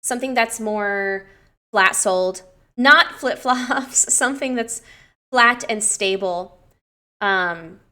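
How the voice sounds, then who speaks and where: A young woman coaching in a loose, chatty way, breaking down a client's form. Her voice is bright and forward, and she swears freely and gushes when something impresses her. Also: medium pitch. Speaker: personal trainer. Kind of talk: casual coaching review.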